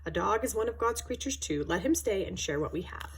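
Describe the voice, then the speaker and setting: A woman voicing a wise, gentle, hopeful old father in a read-aloud storybook, speaking in calm, sage pronouncements. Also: mid-range voice, brisk, background noise, natural voice.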